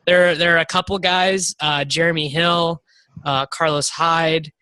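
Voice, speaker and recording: A sarcastic man co-hosting a podcast, needling the others. His voice is fairly high with a sharp, bright edge, and the sound is dry and close to the mic. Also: fairly even intonation, a little slow, clean tone, no echo. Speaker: podcast co-host. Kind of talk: casual chat.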